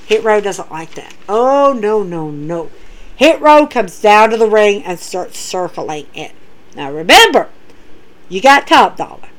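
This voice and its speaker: A woman recapping wrestling episodes in an excitable, animated way, retelling quoted lines as she goes. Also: medium pitch, rough recording. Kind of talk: casual recap commentary.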